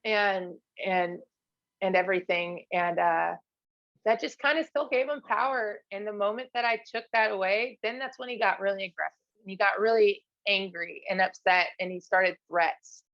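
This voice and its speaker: A woman's voice: mid-range voice, normal speed, no echo, highs cut off. A woman guest on a podcast telling her own story in a candid, casual way, with many fillers and restarts as she quotes the people around her.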